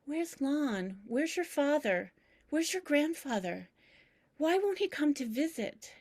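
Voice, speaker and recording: Woman voicing a hoarse, frail old grandmother. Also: high-pitched, sing-song, slow pace, a little mellow, voice pushed up, full character voice. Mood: pleading. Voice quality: hoarse whisper. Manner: wandering, tender, breathy. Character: frail, confused elderly grandmother in hospital.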